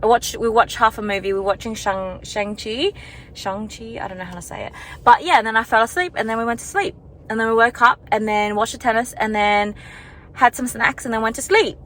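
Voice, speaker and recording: A woman's voice: a little high, steady tone, fast talker, fairly bright tone, slight background noise, rough recording. A young woman talking to her camera while walking outdoors, in a rambling, chatty, self-reflective way with lots of filler words. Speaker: vlogger. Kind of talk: casual vlog chat.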